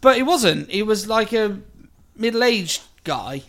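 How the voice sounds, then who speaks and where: High-pitched man telling a story. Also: big pitch swings, takes it slowly, fairly bright tone. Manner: swearing anecdote teller, acts out both sides of a row. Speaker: podcast co-host. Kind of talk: casual chat, storytelling.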